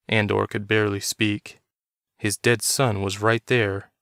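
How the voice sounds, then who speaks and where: A man reading a story aloud in steady, measured narration. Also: lowish voice, clean tone, no room sound, clean studio sound.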